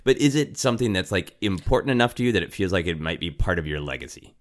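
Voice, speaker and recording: A man's voice: low voice, expressive, quick pace. A man hosting a podcast, asking curious questions and laughing often. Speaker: podcast host. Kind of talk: interviewing.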